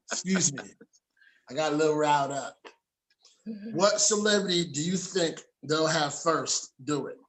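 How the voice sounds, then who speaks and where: A man's voice: a little high, slow, long pauses, fairly bright tone, a little hiss or hum, rough recording. A man hosting a casual talk show over a video call, ranting in a profane, heated way and often repeating himself. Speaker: show host.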